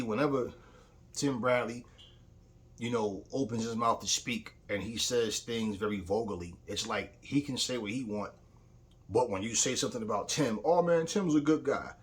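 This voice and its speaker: A man's voice: lowish voice, a bit bright. A man talking in a casual opinion vlog as a boxing commentator, telling stories bluntly and heatedly, with frequent swearing.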